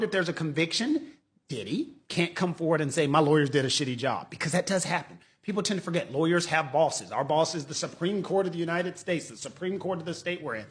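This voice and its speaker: Animated man mocking legal news. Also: fairly high pitch. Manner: animated, mocking, acts out quotes. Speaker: lawyer commentator. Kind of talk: casual legal commentary.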